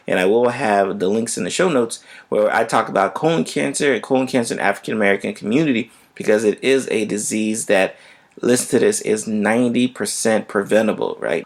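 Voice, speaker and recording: Low gravelly-voiced male doctor host. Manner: conversational, repeats "right?" often. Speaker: physician podcast host. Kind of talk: casual health podcast talk.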